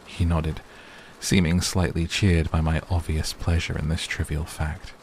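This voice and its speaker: A male narrator reads a bedtime story slowly and soothingly. His voice is very deep and gravelly, and a faint patter of rain sits behind him. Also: little pitch movement, darkish tone, slight background noise.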